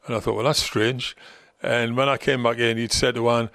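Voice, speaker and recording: A man's voice: mid-range voice, flat delivery, normal speed, a bit bright, dry recording, studio quality. An older man with a Geordie accent, a former football manager reminiscing in an interview with a chatty, storytelling manner. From North East England. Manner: chatty storyteller with fillers and dialect words.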